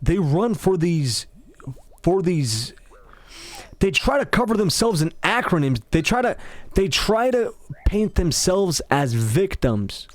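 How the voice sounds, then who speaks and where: High, lively-voiced man rambling a story. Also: slow. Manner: rambling, mocking, stumbling restarts. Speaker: game commentator. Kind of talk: casual storytelling over gameplay.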